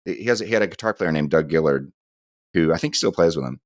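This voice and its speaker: A middle-aged man with an extremely deep voice talks casually on a podcast, drifting through a long anecdote. The sound is close and dry, with no room around it. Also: lively intonation, quick pace, no room sound. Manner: meandering anecdotal storytelling. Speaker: podcast co-host.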